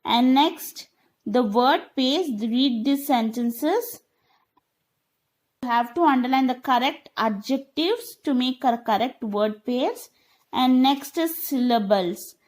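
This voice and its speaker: A woman's voice: sits high, lively intonation, darkish tone. A woman teacher going through a grammar lesson, often repeating herself and asking "okay?", with non-native English phrasing. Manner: slow, repetitive, checks understanding with "okay?". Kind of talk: online classroom lesson.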